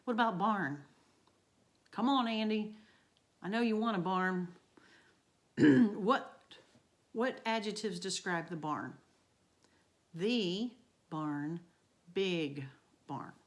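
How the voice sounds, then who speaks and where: Pausing often and speaking slowly, a woman with a mid-range voice leads a recorded remote grammar lesson. She teaches by raising questions and then answering them for her students.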